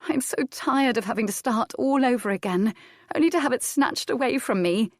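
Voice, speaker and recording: A woman's voice: on the high side, expressive, normal speed, no room sound, voice pushed up. A woman reading the part of a proud, composed young noblewoman in an audiobook. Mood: sad. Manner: dry, composed.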